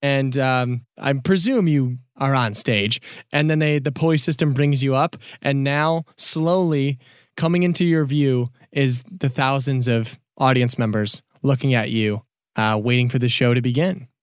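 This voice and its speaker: A man's voice: medium pitch, clean tone, dry recording, studio quality. A man narrating a tabletop game as game master in a casual, upbeat way. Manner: casual and upbeat, with quick bursts.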